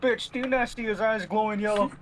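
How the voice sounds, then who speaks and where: A man's voice: sits high, steady tone, a little fast, fairly bright tone, slight background noise. A man chatting casually on a game stream, blustering with profane mock outrage. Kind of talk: casual chat over a game.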